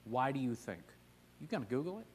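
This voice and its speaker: A man teaches an easygoing Sunday Bible class in a church classroom, his mid-range, darkish voice swinging widely in pitch at a quick pace. He jokes, converses with the group, and asks the class questions.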